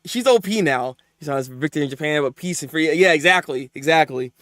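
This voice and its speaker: Man, live reaction streamer, excitable, laughs a lot, lively pitch. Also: fairly quick, dry recording, studio quality. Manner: excitable, laughs often, talks to chat. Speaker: streamer reviewing manga live.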